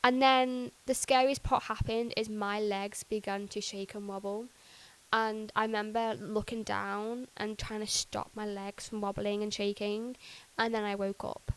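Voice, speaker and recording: A woman's voice: mid-range voice, little pitch movement, unhurried, poor audio. A young woman tells her faith story as a podcast guest, chatty and full of "like", acting out what she once said. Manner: chatty, fillers of "like", acts out her own past words. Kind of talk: personal faith testimony.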